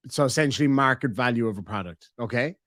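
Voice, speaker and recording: A man's voice: medium pitch, fast talker, fairly bright tone, dry recording, studio quality. An Irish man hosting a live stream, reacting to clips with sarcastic disbelief and reading out viewer messages. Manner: incredulous, sarcastic, reads viewer messages aloud. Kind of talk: casual live-stream commentary.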